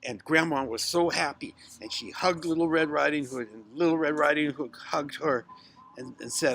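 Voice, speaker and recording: A man telling a children's story aloud in an animated way, with restarts and dramatic pauses. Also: on the high side, creaky, a little hiss or hum.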